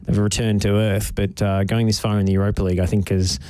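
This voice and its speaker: A man's voice: on the low side, flat delivery, quick pace, mellow, smooth, dry recording. A young man co-hosting a radio football show, chatting casually with dry, joking asides. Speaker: podcast co-host.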